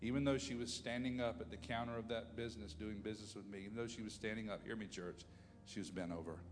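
A man preaching a sermon as pastor of his church, impassioned, moving between loud calls and low, quiet storytelling. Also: steady tone, quick pace. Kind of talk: sermon with prayer. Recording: long hall reverb.

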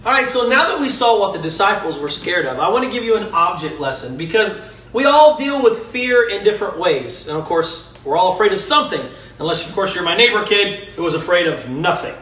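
A young man giving an animated children's sermon, talking straight to the kids and acting out the story. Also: high-pitched, a little fast, breathy edge, highs cut off. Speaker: youth pastor. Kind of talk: children's sermon with object lesson.

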